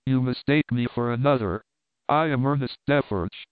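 Blunt tavern keeper, read by a man, firm and flat, clear voice, tinny line. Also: mid-range voice, normal speed, dry recording, lightly acted. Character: blunt male wine-shop keeper, firm. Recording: tinny phone-like audio.

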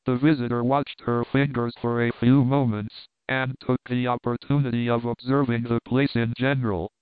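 A man's voice: mid-range voice, flat delivery, normal speed, smooth, no room sound. Man narrating a classic novel, tinny sound. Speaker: audiobook narrator. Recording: tinny phone-like audio, dry.

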